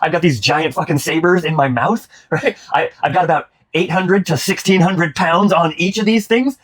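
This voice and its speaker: A man's voice: on the high side, moderate pace, voice pushed up, lightly acted. A man voicing a huge male jungle cat, baffled and swearing as he thinks aloud. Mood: incredulous.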